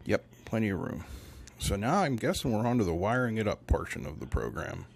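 A man's voice: fairly low pitch, big pitch swings, fairly quick, gravelly, noisy background. A man hosting a hobby channel, talking casually through a build while joking and thinking aloud. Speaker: electronics hobby channel host.

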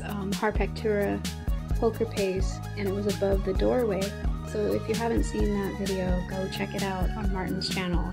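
A woman vlogging about her pet tarantula, talking softly and breathlessly with lots of fillers. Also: mid-range voice, gravelly. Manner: breathless and emotional, soft-spoken with frequent fillers. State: out of breath from excitement. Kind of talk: excited casual vlog narration.

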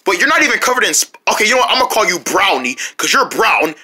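A performer in a homemade comedy skit chats playfully and fondly with a stray puppy. The voice is very bright and sharp, and the pitch moves a lot. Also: very animated, fast, husky. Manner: chatty, playful and fond.

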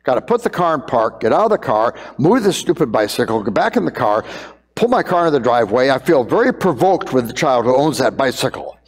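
A man's voice: mid-range voice, sing-song, a little fast, breathy edge, big-room sound. An older man preaching a sermon in a conversational way, often repeating words as he thinks.

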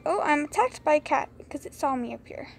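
A young woman chatting through a mouse game late at night, rambling and giggly, keeping her voice low so others can sleep. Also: expressive, fast talker, gravelly, soft background music. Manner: rambling, giggly, hushed to keep quiet. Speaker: gameplay streamer. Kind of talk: casual gameplay commentary. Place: bedroom at home late at night. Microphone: phone screen recorder.

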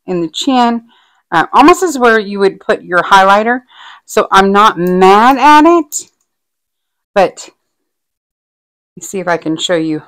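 A woman vlogging casually about her diamond painting progress, gushing and excited, with many ums and likes. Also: medium pitch, measured pace, long pauses, poor audio. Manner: gushing, excitable, lots of fillers. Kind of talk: casual show-and-tell vlog.

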